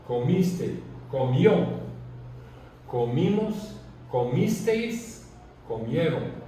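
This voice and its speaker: A man's voice: medium pitch, mellow, a little hiss or hum. A man teaching a language lesson, speaking patiently and checking in often with his students. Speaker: Spanish teacher. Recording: echoey room from far off.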